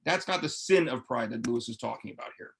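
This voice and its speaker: Man, Bible study leader, gravelly fry, mid pitch, earnest and heartfelt, conversational restarts, online class. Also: lively intonation, fast talker, fairly bright tone. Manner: earnest, emotional, with many restarts. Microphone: webcam or computer mic for live stream.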